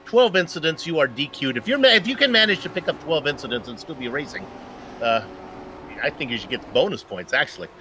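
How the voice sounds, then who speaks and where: A man's voice: on the high side, animated, fast, noisy background. A man co-commentating a sim race, upbeat and joking as he goes through race stats.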